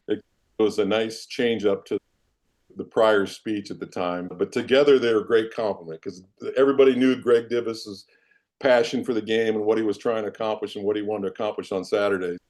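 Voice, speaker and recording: Brief: man, 50s, former coach as interview guest; lowish, mellow voice, storytelling. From Iowa, United States. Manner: animated, self-deprecating anecdotes. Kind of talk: casual storytelling in a podcast interview.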